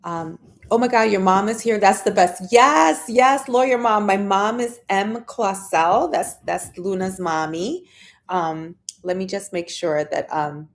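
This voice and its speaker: Woman host, chatty live-stream chat, mid pitch, greets viewers and reads their comments, jumps high when excited. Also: measured pace.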